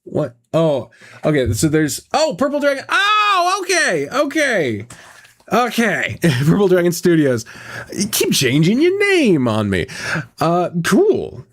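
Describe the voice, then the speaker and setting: A man's voice: fairly high pitch, huge pitch swings, a little slow. A man chatting casually on a live stream, rambling, swearing often and reacting to chat as a visual novel voice actor.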